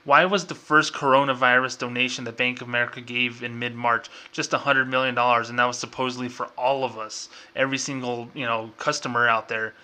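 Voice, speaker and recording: A man hosts his own show in a loose, exasperated rant, doubling back and restarting sentences as he goes. His voice sits at an ordinary pitch but has a very bright, cutting edge. He talks with a sarcastic bite and plenty of fillers. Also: flat delivery, brisk, few pauses. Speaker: podcast host. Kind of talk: casual ranting commentary.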